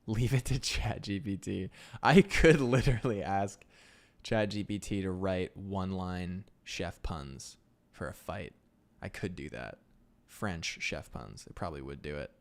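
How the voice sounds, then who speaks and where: A man's voice: sits low, measured pace, gravelly. A man chatting casually while he sketches on a live stream, rambling and amused by his own jokes. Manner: rambling, self-amused, thinking aloud. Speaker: illustrator livestreaming sketches.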